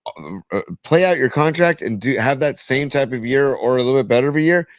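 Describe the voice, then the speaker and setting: A man's voice: medium pitch, brisk, no room sound. A man co-hosting a casual sports podcast, sounding weary and frustrated, often restarting his sentences. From San Francisco Bay Area. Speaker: podcast co-host.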